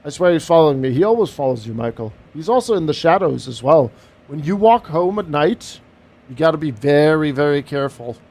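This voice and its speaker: A man's voice: fairly high pitch, expressive, fairly quick, darkish tone. A man streaming a flight sim, chatting casually and joking while he talks through each step of the cockpit setup. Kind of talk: casual live-stream commentary.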